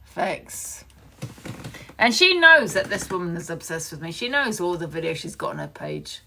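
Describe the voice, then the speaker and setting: Woman, furious live-stream rant, swears, repeats herself, raspy fry, sharp tone. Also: lowish voice, huge pitch swings, moderate pace, slight background noise. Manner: angry, swearing, repeating accusations.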